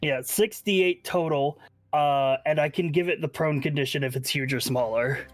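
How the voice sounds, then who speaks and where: Brief: male tabletop player, slightly high voice, casual and profane, rules-focused chatter. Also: normal speed, no room sound. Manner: casual and swearing, heavy "like" and "uh". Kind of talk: playing a tabletop game, explaining his rolls.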